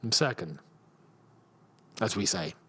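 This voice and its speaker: A young man from England hosting a live football watchalong, reacting loudly to the match and chatting with viewers. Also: fairly low pitch, expressive, takes it slowly, husky. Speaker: football channel host. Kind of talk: live watchalong commentary and chat.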